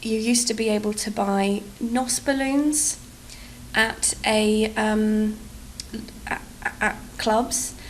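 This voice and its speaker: A woman's voice: fairly high pitch, slow, a little hiss or hum, rough recording. A British woman in her thirties telling rambling, self-deprecating stories in a casual game-build vlog. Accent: British English. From England. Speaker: vlogger.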